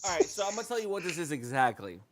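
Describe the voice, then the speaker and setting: A man's voice: fairly high pitch, sing-song, very fast, fairly bright tone, slight background noise. A man co-hosting a casual comedy podcast, rambling, swearing and acting out little bits. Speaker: podcast co-host.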